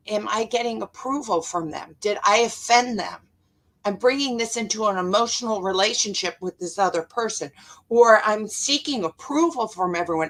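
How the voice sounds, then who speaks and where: A middle-aged woman hosting a motivational talk as a life coach, telling stories in an earnest way and acting out quotes with lively jumps in her voice. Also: mid-range voice. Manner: earnest, storytelling, animated quoting.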